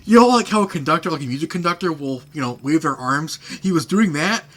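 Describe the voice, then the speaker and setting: A man's voice: fairly high pitch, animated, fast, fairly bright tone. A young man casually telling funny stories from his past, rambling with fillers and laughing often. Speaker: podcast host. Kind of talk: casual storytelling chat.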